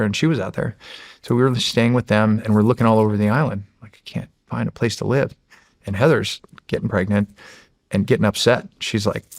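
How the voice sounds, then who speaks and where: A man's voice: lowish voice, vocal fry, no room sound. An American man in his forties, a show guest, telling stories casually and animatedly, acting out dialogue and laughing often. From United States. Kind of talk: casual storytelling.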